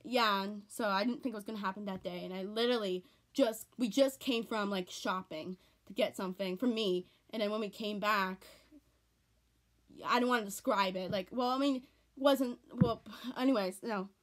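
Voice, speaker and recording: With a mid-range voice at a moderate pace, a tearful teenage vlogger on the verge of crying chats casually at home. She rambles and repeats herself, speaking with real earnestness.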